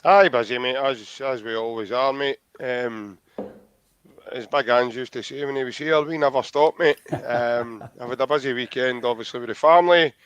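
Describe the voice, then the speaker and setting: A man's voice: medium pitch, moderate pace, fairly bright tone, clean tone, no room sound. A man with a Scottish accent, hosting a casual football podcast in a chatty, friendly way and laughing easily. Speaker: podcast host. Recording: dull lo-fi dry audio.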